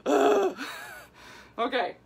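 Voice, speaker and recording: A woman in her forties, a women's health coach, talking casually in a live video, animated and worked up as she answers viewer comments. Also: extremely high pitch, drawn-out words, gravelly. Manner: animated and worked up, laughing, acting out quoted people.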